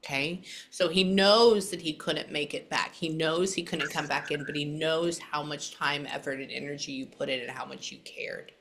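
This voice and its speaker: A woman psychic medium giving a casual reading, halting often to listen before going on. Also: deep voice, fairly even intonation, a bit bright, slight background noise.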